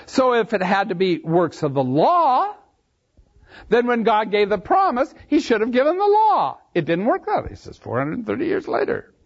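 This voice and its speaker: A man's voice: high-pitched, huge pitch swings, moderate pace, breathy edge. A man preaching, reading scripture aloud and explaining it verse by verse, leaning hard on key phrases. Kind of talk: expository Bible teaching. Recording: dull lo-fi sermon recording.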